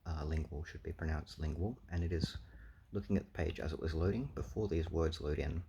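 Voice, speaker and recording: Very deep gravelly man. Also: a little fast, noisy background. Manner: thinking aloud with many fillers. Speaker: language game player. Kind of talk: casual explanatory commentary.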